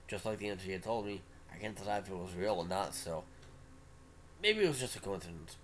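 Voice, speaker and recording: A man's voice: sits low, animated, fast talker, slight background noise. A male streamer reading a story game aloud, with casual, offhand asides. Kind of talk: reading a visual novel aloud.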